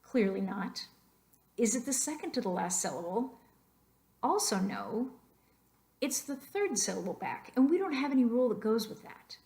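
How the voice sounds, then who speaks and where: A woman's voice: fairly high pitch, big pitch swings, normal speed, darkish tone. A woman teaching a narrated slideshow lesson, explaining patiently and saying example words aloud to model their stress. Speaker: Spanish teacher.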